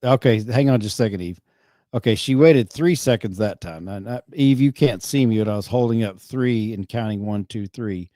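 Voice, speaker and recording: Mellow, rambling middle-aged man. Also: lowish voice, no room sound, studio quality. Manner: rambling, halting, self-correcting. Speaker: podcast host. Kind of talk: casual chat.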